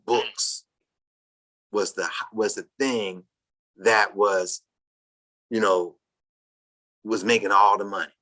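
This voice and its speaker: Slow, bright-voiced Sabbath class teacher. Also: deep voice, steady tone. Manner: halting, with many restarts, and bursts of loud emphasis. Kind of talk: reading a text aloud and commenting to a class.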